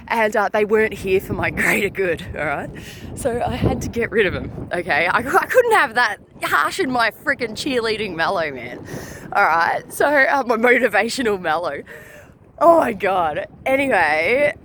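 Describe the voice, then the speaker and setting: A woman who works as a spirit channeler, chatting casually to viewers, laughing often, dropping many fillers and "all right?" tags, and climbing high in pitch as she tells a story. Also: slight background noise. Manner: animated, rising high when telling a story.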